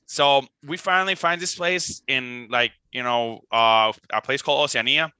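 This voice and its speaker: Young guy from costa rica, super bright punchy voice, dry close sound, rambling animated storytelling. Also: mid-range voice, moderate pace, clear, resonant tone, dry recording. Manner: animated, swearing, lots of "like" and restarts. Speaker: band member, podcast guest. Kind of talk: casual storytelling.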